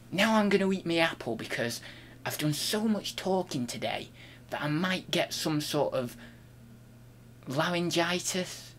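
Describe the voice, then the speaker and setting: Playful man, lively bright voice. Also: on the high side, unhurried, a little hiss or hum. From United Kingdom. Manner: playful and mock-grandiose, swinging between loud outbursts and hushed murmurs; talks while chewing an apple. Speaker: online reseller and channel host. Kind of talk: comic vlog monologue.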